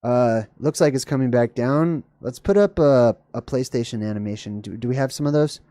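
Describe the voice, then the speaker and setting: A man voicing a bored launch operator, low and offhand. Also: fairly quick, dark tone, dry recording, studio quality, natural voice.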